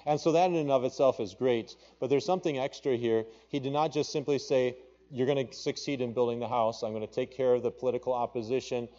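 Man preaching, mellow muffled voice. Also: medium pitch, fairly even intonation, fast talker. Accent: Papua New Guinean. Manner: preaching with rising emphasis, quoting scripture in King James wording. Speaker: pastor. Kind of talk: sermon.

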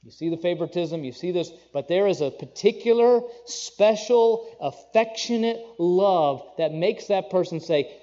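Mellow animated man preaching. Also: sits high, a little slow, few pauses, muffled recording. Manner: animated, conversational preaching with asides and jokes. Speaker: pastor. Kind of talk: sermon.

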